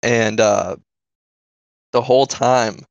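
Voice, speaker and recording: A man's voice: medium pitch, takes it slowly, gravelly, smooth, dry recording. A man co-hosting a podcast, telling a story in a casual, profane way, full of fillers and "right?". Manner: profane, filler-heavy, keeps asking "right?". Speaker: podcast co-host. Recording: dull lo-fi dry recording.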